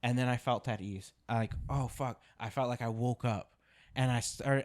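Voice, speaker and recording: A man's voice: mid-range voice, fairly even intonation, normal speed. A man co-hosting a podcast, telling a story in casual chat, swearing often and repeating himself for emphasis. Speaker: podcast co-host.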